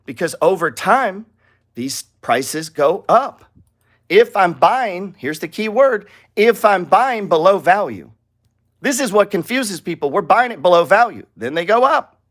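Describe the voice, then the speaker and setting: A man's voice: high-pitched, a bit bright. A man teaching a live trading lesson over charts, blunt and profane, firing off rhetorical questions.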